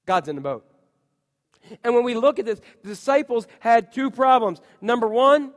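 A man preaching a sermon, telling the story in an animated way with voices, swinging from loud outbursts to hushed lines. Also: very high voice, moderate pace, in a large hall. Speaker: pastor.

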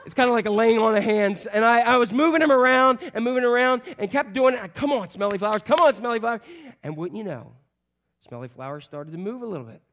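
A middle-aged man, a pastor, preaching a sermon with lively, joking storytelling and frequent fillers. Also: very high-pitched, fast. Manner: animated, humorous storytelling with many fillers.

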